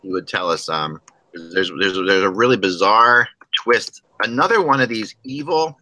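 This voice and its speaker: A man's voice: lowish voice, normal speed, sharp tone, low-quality recording. A man hosting a casual hockey podcast, rambling and joking with frequent restarts. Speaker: podcast host.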